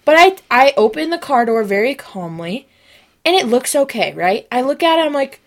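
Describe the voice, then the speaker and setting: A young woman co-hosting a comedy podcast, telling a story in a casual, animated way and acting out the voices of the people in it. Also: sits high, moderate pace. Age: young adult. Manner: animated, acts out quoted voices. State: sick, sniffing and coughing. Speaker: podcast co-host.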